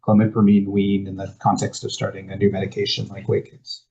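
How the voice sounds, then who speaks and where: Halting male moderator, dull distant audio. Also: fairly low pitch, completely flat delivery, vocal fry, a little mellow, husky. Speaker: session moderator. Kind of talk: moderating a question period.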